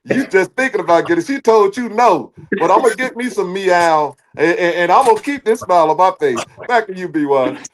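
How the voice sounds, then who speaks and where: High-voiced man in animated sports talk. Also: brisk. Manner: animated, preachy, joking.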